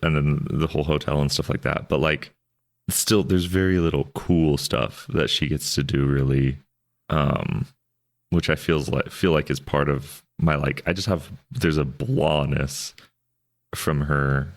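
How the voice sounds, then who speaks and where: A podcast co-host talks casually about a film in a rumbling low voice, keeping his intonation fairly even and his pace measured. His manner is rambling and jokey, and he keeps interrupting himself and starting over.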